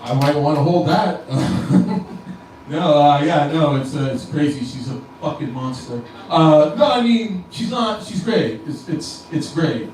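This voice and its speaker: Unhurried and expressive, a man speaks with a fairly high pitch and darkish tone over slight background noise. In a comedy club he rambles through a profane stand-up set, doubling back and restarting sentences, while a distant mic picks up the echoey room and crowd ambience.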